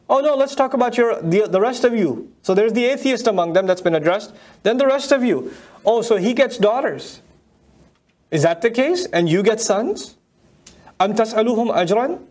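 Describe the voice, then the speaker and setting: A man teaching a Quran commentary lecture, firing mocking rhetorical questions and reciting Arabic verses rapidly. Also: sits high, a little mellow. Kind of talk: tafsir lecture.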